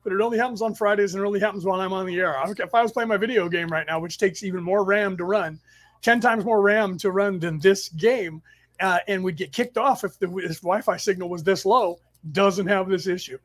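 A man hosting a spiritual study class on a live stream, telling stories in a rambling way with sudden loud outbursts, talking into a home computer mic. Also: sits high, fairly quick. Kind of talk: casual live-stream storytelling. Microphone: home computer mic over weak Wi-Fi.

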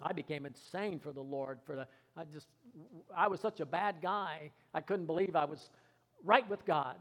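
High-voiced preacher in a reverberant hall. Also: male voice, moderate pace. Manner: call-and-response preaching, swings from soft asides to loud declarations. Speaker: pastor. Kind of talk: sermon. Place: church sanctuary.

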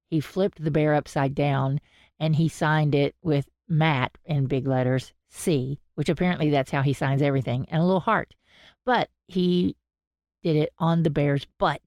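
Chatty low-voiced woman. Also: dry recording, studio quality. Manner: chatty storyteller, animated quoting. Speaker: podcast co-host. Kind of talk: casual chat.

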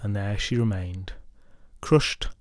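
A man narrating a folklore podcast story, mixing dramatic retelling with wry, deadpan comic asides. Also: fairly low pitch, slow, no echo, clean studio sound.

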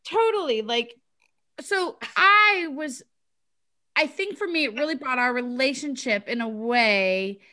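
A middle-aged woman casually telling a personal story to a group, animated and acting out the voices of the people in it. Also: high-pitched, unhurried. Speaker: group participant sharing a story.

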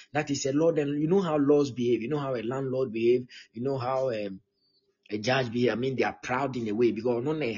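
Very husky pastor, emphatic. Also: male voice, mid-range voice, darkish tone, lo-fi sound. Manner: emphatic and repetitive, often checking in with "okay?". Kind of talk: live-streamed teaching sermon.

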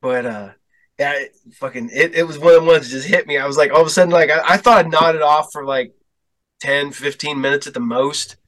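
A middle-aged man hosting a casual chat show, telling relaxed stories with easy laughs and free swearing. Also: fairly high pitch, brisk, rough recording. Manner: laid-back, chuckling storyteller, swears freely. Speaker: podcast host.

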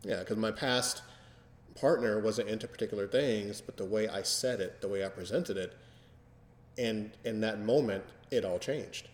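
Low-voiced man in an echoey room. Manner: slow, deliberate, many fillers. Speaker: podcast host. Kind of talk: casual chat. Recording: echoey room with long reverb.

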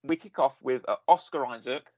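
A man's voice: mid-range voice, fairly quick, darkish tone, dry recording, highs cut off. A man hosting a casual review chat, rambling and searching for words with a joking tone. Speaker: podcast host.

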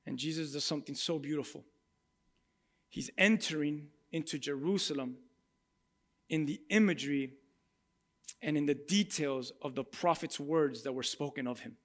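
Male preacher, high voice, bright tone, impassioned sermon, acts out crowd cries. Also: moderate pace, long pauses. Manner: impassioned, swings from loud cries to hushed tones.

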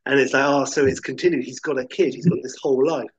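A man's voice: medium pitch, fairly even intonation, fast talker, breathy edge, dry recording. A man chatting enthusiastically about films, rambling and acting out quotes. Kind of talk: casual chat about films. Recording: dull lo-fi sound.

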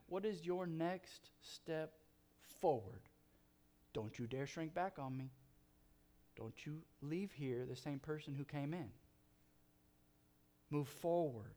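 Slow, earnest male pastor. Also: mid-range voice, animated, a little mellow. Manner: earnest, slow and emphatic, rising to fervent pleas. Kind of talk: sermon closing prayer.

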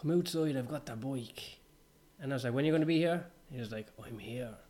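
Dude on a podcast, laid back, swears, mid voice, just chatting. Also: male voice, mid-range voice, brisk, dark tone. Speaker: podcast co-host. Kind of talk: casual chat.

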